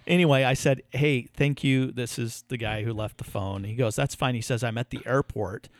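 A man co-hosting a podcast, telling a story in a casual, animated way and acting out what others said. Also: medium pitch, a little fast, no room sound. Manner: animated, laughing storyteller who acts out quotes. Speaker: podcast co-host.

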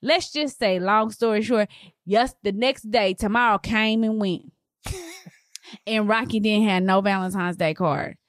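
A woman in her thirties telling a personal story to her viewers in a casual, animated way, with big swings in her voice for emphasis. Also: unhurried, no room sound, studio quality. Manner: animated, expressive, swings pitch widely for emphasis.

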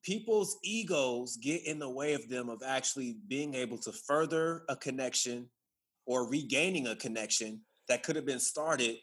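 A man's voice: medium pitch, moderate pace, a bit bright, breathy edge. A man co-hosting a podcast, talking in a laid-back, reflective way and telling his own stories. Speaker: podcast co-host. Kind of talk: casual chat.

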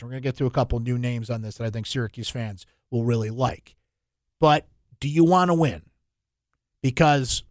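A man hosting a sports talk radio show, opinionated and conversational with quick asides. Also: mid-range voice, no echo, studio quality. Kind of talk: casual sports talk commentary.

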